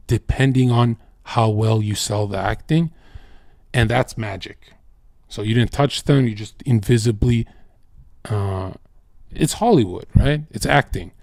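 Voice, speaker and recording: A man's voice: mid-range voice, a little mellow, dry recording. Profane rambling male streamer. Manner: profane, rambling, quick bursts. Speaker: livestreamer. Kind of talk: casual rambling monologue.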